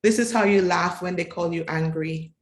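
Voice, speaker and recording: A woman reading a poem of tribute in a slow, measured, incantatory way, building on repeated refrains. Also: fairly low pitch. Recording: echoey room.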